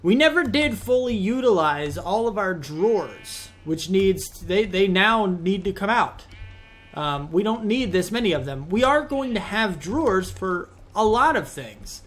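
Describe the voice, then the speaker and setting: A man's voice: high-pitched, lively intonation, a little slow, fairly bright tone, faint music behind. A man hosting a modded game let's play, talking casually through his gameplay with rambling asides and easy exasperation.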